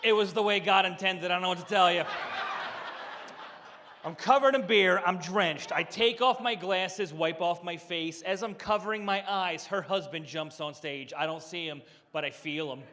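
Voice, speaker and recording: A male comedian working a live set, his voice high and bright with a sharp edge. He spins stories with punchy asides and acts out the people in them, and the sound rings out in a reverberant room. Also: normal speed. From Philadelphia area. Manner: storytelling with punchy asides, acting out quotes. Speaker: stand-up comedian. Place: country club room, live audience.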